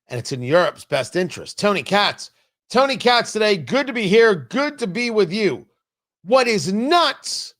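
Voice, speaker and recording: A man hosting a talk radio show, giving emphatic, animated commentary. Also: a little high. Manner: animated, emphatic, mocking impressions. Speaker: radio host.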